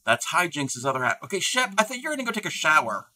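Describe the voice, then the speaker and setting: A man's voice: a little high, big pitch swings, fast, pushed and bright. A man hosting a crafting livestream in casual, rambling chat, reading and answering his chat aloud. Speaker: livestream host.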